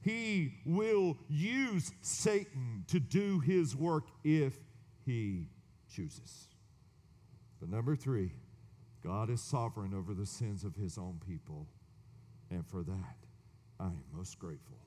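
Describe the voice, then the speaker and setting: A man's voice: medium pitch, expressive, slow pace, dark tone, in a large hall. A man preaching a sermon, dramatic, dropping to whispers and rising for emphasis, with sarcastic asides. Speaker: pastor.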